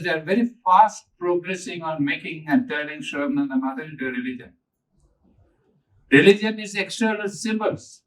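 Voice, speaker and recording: Older man, earnest spiritual talk, emphatic repetition, fairly high voice. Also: fairly bright tone, far from the mic, poor audio. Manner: earnest, emphatic, repeats key phrases. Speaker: spiritual teacher.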